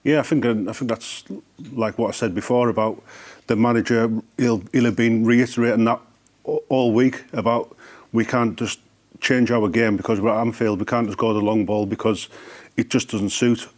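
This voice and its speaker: A man's voice: medium pitch, fairly even intonation, normal speed. A man pundit giving earnest studio football analysis, often repeating words as he thinks.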